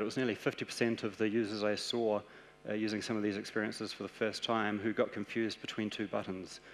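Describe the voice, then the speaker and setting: Kiwi guy giving a conference talk, steady and practical, echoey hall. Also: fairly low pitch, vocal fry. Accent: New Zealand. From New Zealand. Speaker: conference speaker. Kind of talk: conference presentation.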